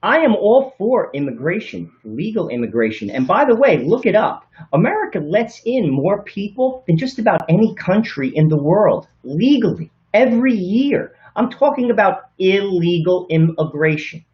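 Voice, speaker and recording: A man co-hosting a political talk show in a slightly high voice. He argues earnestly, now and then stumbling over words and correcting himself. The audio has a slightly dull, lo-fi quality. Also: big pitch swings, normal speed, hardly any pauses. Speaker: co-host.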